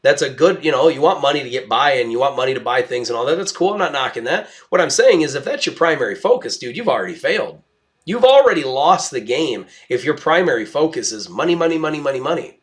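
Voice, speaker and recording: A man's voice: mid-range voice, very animated, quick pace. A young adult man hosting a podcast, talking through a casual monologue in a rambling, emphatic way with frequent restarts. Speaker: podcast host. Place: at home with his dog.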